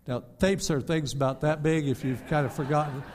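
An older man preaching a sermon as a pastor, rising loud and then dropping soft and low, often stammering on repeated words. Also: fairly even intonation, brisk, a little hiss or hum.

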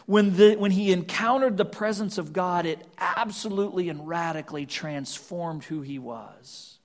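A man preaching a sermon, swinging from loud emphatic scripture reading to hushed, almost whispered lines. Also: high voice, moderate pace. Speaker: pastor.

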